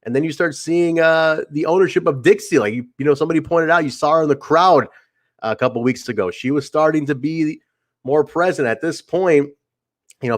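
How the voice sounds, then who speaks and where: A man hosting a casual solo podcast livestream, rambling with fillers and restarts and acting out other people's lines as he tells a story. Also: mid-range voice. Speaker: podcast host.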